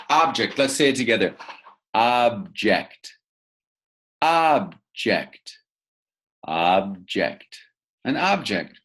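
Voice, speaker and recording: A man's voice: lowish voice, fairly bright tone. A man teaching vocabulary to young learners, patiently repeating words and asking the listener to say them back. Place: room with a bed, indoors.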